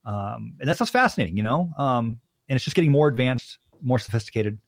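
A man's voice: mid-range voice, expressive, a little fast, dry recording. A man in his thirties from Arizona, a podcast guest telling long rambling stories and acting out the people he quotes. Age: 30s. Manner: rambling, acts out quoted voices. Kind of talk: casual storytelling conversation.

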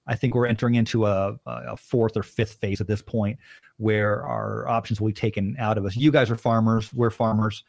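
A man in his thirties from Arizona, appearing as a podcast guest, tells long, rambling stories and acts out the voices of people he quotes. His voice is lowish, creaky and a little mellow, with little pitch movement at a normal speed, captured in a dry recording.

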